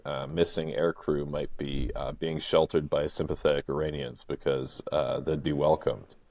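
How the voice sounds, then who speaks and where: A man co-hosting a casual political discussion podcast, talking in a measured, analytical way with frequent pauses. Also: rumbling low, a little mellow. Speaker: podcast co-host.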